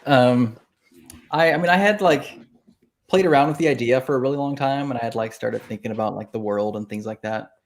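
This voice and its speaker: Animated man telling a story. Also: mid-range voice, fairly quick. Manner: animated storyteller, acts out quoted reactions. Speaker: author guest. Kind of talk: casual interview chat.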